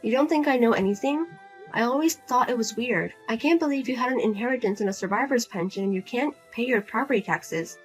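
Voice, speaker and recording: A woman's voice: on the high side, a little fast, faint music behind, natural voice. A woman voicing Lizzie, a cold, blunt daughter. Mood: accusing. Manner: flat, firm, cold and blunt. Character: Lizzie, grown daughter, cool, blunt, fed up. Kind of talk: narrated drama story.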